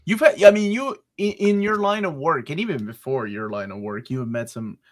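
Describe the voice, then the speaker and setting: A man co-hosting a casual podcast, teasing his friend while retelling a story with animated delivery. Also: a little high, fairly quick. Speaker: podcast co-host.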